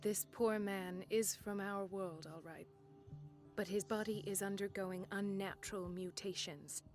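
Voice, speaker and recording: An actress plays a principled, blunt young doctor in a video game, delivering lines in an earnest, firm way over music. Her voice is mid-range, natural, and steady in tone, moving a little slowly.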